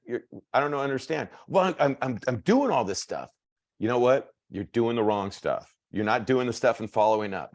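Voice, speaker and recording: A man with a low voice leads a motivational coaching session with lots of energy. He hammers on the same points and leaps high in pitch whenever he acts out what people say. The recording is dry and close. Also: no room sound. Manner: energetic, repetitive, acts out quotes with big pitch jumps. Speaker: network marketing coach. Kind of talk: motivational masterclass talk.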